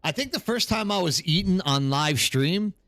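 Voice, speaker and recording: A man's voice: high-pitched, lively intonation, normal speed, a bit bright, dry recording, studio quality. A tired man live streaming, chatting casually and rambling as he answers viewers in the chat.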